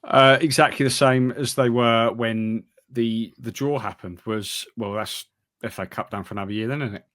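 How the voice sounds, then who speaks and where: A man co-hosting a casual football podcast, talking in a wry, halting way with frequent restarts. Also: mid-range voice, steady tone, a bit bright. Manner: wry, hesitant, trails off and restarts. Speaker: podcast co-host.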